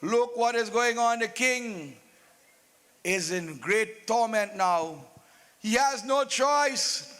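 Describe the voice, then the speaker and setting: A man's voice: very high voice, expressive, takes it slowly, fairly bright tone, in a large hall. A man narrating a live staged epic with humorous asides to the devotees. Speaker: Ramleela narrator.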